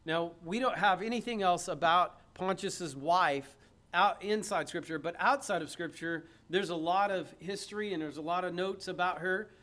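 High-voiced man preaching a sermon. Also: normal speed, a bit bright. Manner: emphatic, with rhetorical questions to the congregation. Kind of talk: expository sermon reading scripture.

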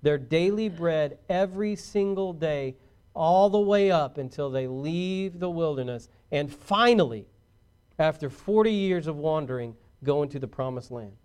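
A man preaching a sermon to his congregation, swinging between loud exhortation and hushed, earnest talk, and calling out for amens. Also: on the high side, animated, measured pace, clean tone. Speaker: pastor.

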